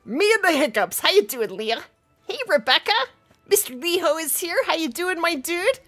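A woman's voice: very high-pitched, animated, normal speed, a bit bright, soft background music. A woman hosting a casual gaming livestream, chatting with viewers by name while she has the hiccups. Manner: chatty, greets viewers by name, laughs often.

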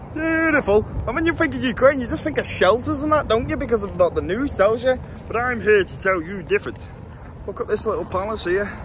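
A man's voice: sits high, a bit bright, slight background noise. Chatty, swearing young man on the street. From England. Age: 20s. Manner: chatty, blunt and jokey, swearing freely. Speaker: travel vlogger. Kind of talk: casual walking vlog. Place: city streets outdoors.

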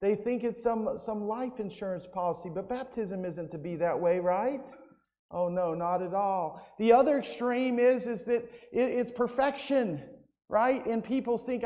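Speaking at a measured pace, a man with a high-pitched yet dark-toned voice preaches evangelistically as pastor. Recorded in a church sanctuary with long hall reverb, he tells stories and keeps asking "right?"

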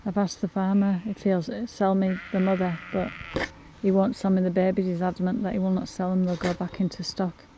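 A woman records herself outdoors on a farm, her handheld camera picking up faint hiss and bleating sheep. She speaks at an ordinary middle pitch in an upset, apologetic way, now and then calling out to a mother sheep. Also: level tone, brisk. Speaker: animal sanctuary owner. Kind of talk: emotional outdoor vlog.

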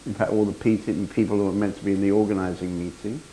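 A man, a spiritual teacher, reflecting calmly and in measured phrases during a conversation. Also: on the low side, a little hiss or hum, poor audio.

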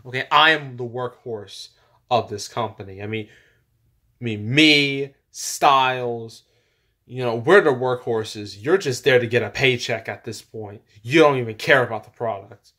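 A man's voice: medium pitch, measured pace, sharp tone. Cocky, whiny male wrestler, voiced by a man, fan parody, plain mid voice. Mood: smug taunting. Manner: boastful, needling trash talk. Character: arrogant male pro wrestler, boastful and whiny.

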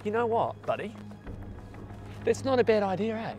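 A man's voice: high voice, big pitch swings, moderate pace, highs cut off, soft background music. A man playing a fumbling, rambling hitman. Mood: shifty. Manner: hesitant, rambling, lots of ums and trailing off. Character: awkward, rambling hitman lurking in a backyard.

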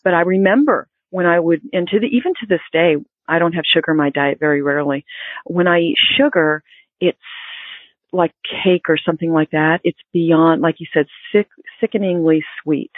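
A woman health expert explaining diet in an interview, informative and measured. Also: fairly low pitch, dry recording. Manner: explanatory, informative, with some restarts. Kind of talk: interview answers. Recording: phone-like, dry line.

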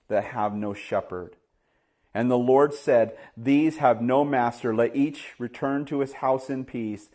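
A man preaching a sermon as pastor, telling stories and acting out the dialogue, often with "you know", rising louder and higher to stress his points. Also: measured pace. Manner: storytelling, acts out dialogue, rises loud and high when stressing points; many fillers like "you know".

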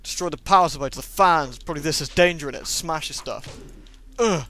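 A man's voice: on the high side, brisk, fairly bright tone, a little hiss or hum. Sarcastic, playful man commenting on gameplay. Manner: sarcastic, playful, jokingly talks to game characters. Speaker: let's play commentator.

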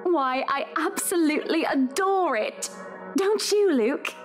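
A woman's voice: high voice, expressive, slow pace, faint music behind. An actress voicing a poised, wealthy woman buying a mansion in a game, with a genteel, gushing manner. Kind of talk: game voice acting.

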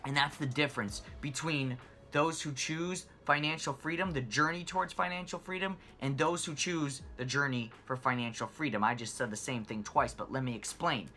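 Man, passionate money rant, emphatic repeats, mid-pitched voice, faint music underneath. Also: moderate pace, bright, forceful tone. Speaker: finance channel host. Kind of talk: impassioned money rant to camera.

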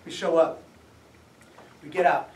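Man, high-pitched, animated storyteller at a public talk, echoey room, distant mic, faint hum. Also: measured pace. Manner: animated, laughing storyteller who acts out the people in his story. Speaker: author giving a public talk. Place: museum event space.

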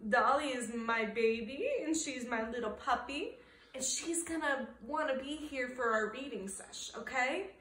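Slow, high-voiced preschool teacher reading. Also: female voice, echoey room, recorded from a distance, slight background noise. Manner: animated, expressive storytelling. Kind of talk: reading a storybook aloud to children.

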